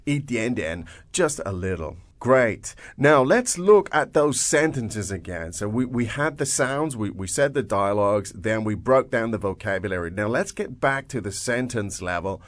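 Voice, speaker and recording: A man with a somewhat low voice hosts a podcast language lesson. He explains phrases in English and stops to restart his words as he goes. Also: expressive, moderate pace, few pauses. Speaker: language teacher, host.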